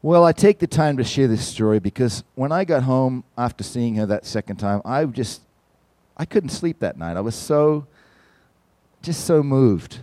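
A man preaches by telling a story, animated and direct, often turning to address the congregation. His voice sits mid-range and sounds dry and close. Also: mid-range voice, normal speed, no room sound. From from outside the United States. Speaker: visiting church musician and speaker. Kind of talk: sermon testimony storytelling.

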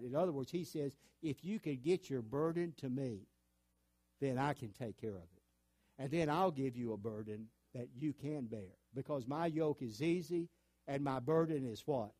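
A man preaching a sermon with a mellow, warm tone. He talks earnestly and conversationally, stumbling and restarting as he explains. The sound is close and dry. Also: a little high, lively intonation, moderate pace, no room sound.

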